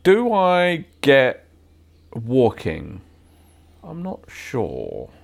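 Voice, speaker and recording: A man's voice: mid-range voice, wildly swooping pitch, extremely slow, vocal fry. A man co-hosting a casual podcast, telling rambling stories with jokes. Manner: joking, rambling anecdotes. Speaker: podcast co-host. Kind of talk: casual chat.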